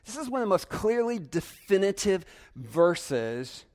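A man's voice: high-pitched, sing-song, a little slow, darkish tone. A young adult male pastor preaching a sermon earnestly and emphatically, repeating phrases for stress.

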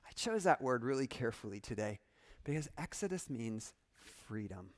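A man preaching a sermon, swinging between quiet, measured stretches and loud, animated bursts. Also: medium pitch. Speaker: pastor.

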